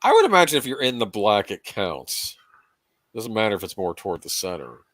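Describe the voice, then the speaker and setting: A man's voice: lowish voice, wildly swooping pitch, a little fast, a bit bright, no room sound. A man hosting a casual watch-along commentary, chatty, laughing often and trailing off mid-sentence. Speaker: host.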